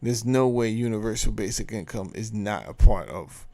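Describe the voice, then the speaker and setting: A male show host with a gravelly, fry-laden voice, ranting in a blunt, profane and emphatic way. His delivery is casual commentary, loose and forceful in its points. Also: fairly low pitch, expressive, moderate pace.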